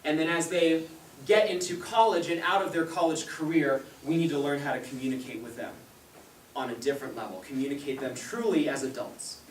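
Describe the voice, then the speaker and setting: Speaking a little fast in a voice on the high side, a young adult man tells stories to a live audience at a parenting seminar. He laughs a lot and acts out the people he quotes. The meeting room sounds echoey, picked up by a distant mic with faint hiss.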